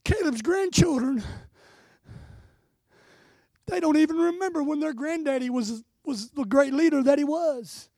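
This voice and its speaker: Impassioned older preacher, high voice. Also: male voice, unhurried, creaky, long pauses, dry recording. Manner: impassioned, swelling to shouts, near tears. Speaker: guest preacher. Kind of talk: sermon.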